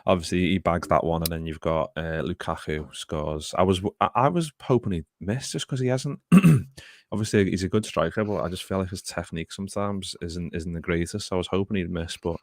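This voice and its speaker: A man's voice: low voice, brisk, no echo. A man hosting a casual football podcast, rambling, swearing freely and talking to his live chat. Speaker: podcast host.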